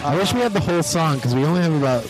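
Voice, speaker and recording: A man's voice: fairly high pitch, lively intonation, racing, low-quality recording. A man co-hosting a casual comedy podcast in a dry, understated way. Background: music bed.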